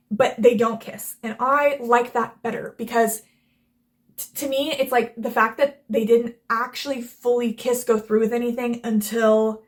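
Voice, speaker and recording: A young woman hosting a casual book and movie review, gushing and rambling with lots of filler words and acting out the characters' lines. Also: a little high. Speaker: book reviewer and channel host. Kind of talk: casual chat.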